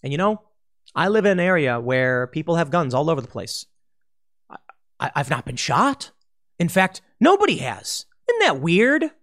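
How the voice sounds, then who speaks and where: A man's voice: a little high, sing-song, moderate pace, long pauses, fairly bright tone. A man hosting a political commentary monologue, blunt and argumentative, often acting out mocking voices. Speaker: host.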